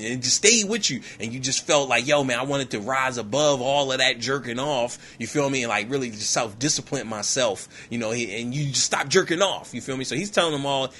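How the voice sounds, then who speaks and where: Slangy, animated man retelling a movie. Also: medium pitch. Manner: slips into quick put-on voices for characters. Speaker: podcast host. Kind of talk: comedic movie recap.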